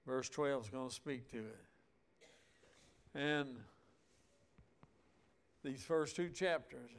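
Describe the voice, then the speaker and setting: A man preaching a sermon, reading scripture aloud and explaining it in a folksy, deliberate way, stretching out words for emphasis. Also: mid-range voice, smooth.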